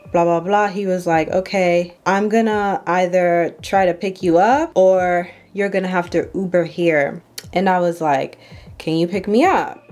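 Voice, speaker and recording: A young woman from Ohio telling an animated story while getting ready, acting out what other people said. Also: fairly low pitch. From Ohio, USA. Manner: animated storytelling, acts out quoted voices. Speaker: makeup artist vlogger.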